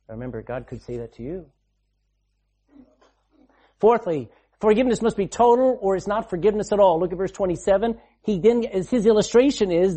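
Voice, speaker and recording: A man preaching a sermon, repeating phrases for emphasis and swinging between loud and hushed delivery. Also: high-pitched, brisk.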